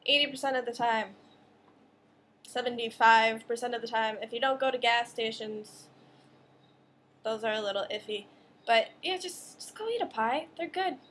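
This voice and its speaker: A woman's voice: fairly high pitch, a bit bright, a little hiss or hum. A young woman vlogging in a casual, sarcastic, ranting monologue to camera. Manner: sarcastic, ranting, quick asides.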